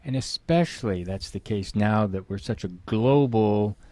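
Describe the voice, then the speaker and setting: Low-voiced man explaining emphatically. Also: a little slow, warm tone, no room sound. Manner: emphatic, acts out example phrases. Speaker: guest expert. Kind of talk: explaining to an interviewer.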